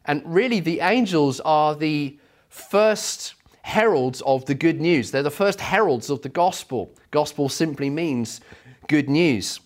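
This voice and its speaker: Casting: middle-aged male preacher, slightly higher voice, animated storyteller. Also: takes it slowly. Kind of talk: sermon.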